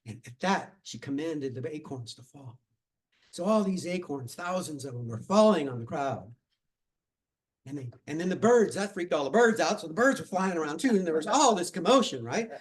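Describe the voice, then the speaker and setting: Male storyteller telling a tall tale, animated, dramatic, with a lively, rather high voice. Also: normal speed, poor audio. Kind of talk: told tall tale at a live event.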